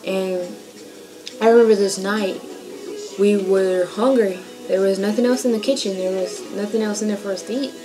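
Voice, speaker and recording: A woman's voice: medium pitch, fairly even intonation, normal speed, poor audio. A young adult woman vlogger recounting a personal childhood story in a casual, slangy, emotional way. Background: background music.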